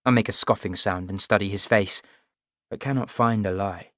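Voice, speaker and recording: A man narrating a first-person audiobook in a measured, even storytelling voice. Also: fairly low pitch, dry recording, studio quality.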